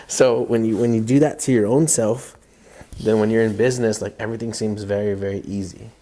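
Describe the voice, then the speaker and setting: Deep, mellow-voiced man telling lively stories. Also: fairly quick. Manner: animated storyteller who acts out his own inner voice. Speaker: podcast co-host. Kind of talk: casual podcast conversation.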